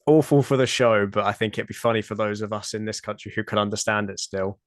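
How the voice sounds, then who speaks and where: A British man hosting a casual podcast chat, talking with many pauses and restarts. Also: fairly low pitch, fairly even intonation, no echo, clean studio sound. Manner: hesitant, many fillers and restarts. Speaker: podcast host.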